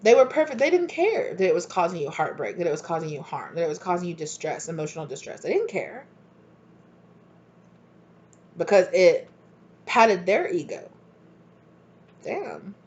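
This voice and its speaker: A woman giving a casual tarot reading, animated and blunt, who swears freely and acts out both sides of an argument in sudden high voices. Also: a little fast. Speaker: tarot reader. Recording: dull lo-fi recording.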